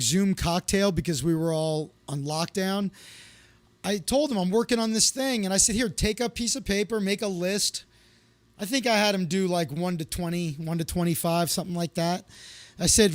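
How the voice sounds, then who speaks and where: A man's voice: high voice, dry recording. A man hosting a comedy live stream, telling rambling stories to his viewers in a casual way, with lots of fillers and restarts. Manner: loose, anecdotal, with many fillers and restarts.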